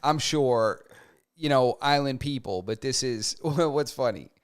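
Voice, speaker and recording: A man's voice: mid-range voice, a little slow, clean tone. A young man co-hosting a podcast, chatting casually in a loose, joking, slangy way and now and then mimicking other people. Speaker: podcast co-host. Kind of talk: casual chat.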